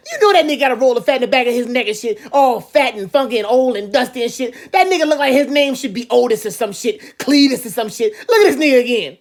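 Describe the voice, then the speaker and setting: Woman, comedic rant, profane, animated, high voice, gravelly. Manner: animated, profane, jumps into mimicry. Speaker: comedian vlogger.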